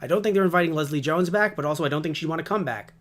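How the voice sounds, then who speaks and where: A man's voice: a little high, rapid-fire, a bit bright. A man co-hosting a casual podcast, rambling and ranting with heavy swearing. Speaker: podcast co-host.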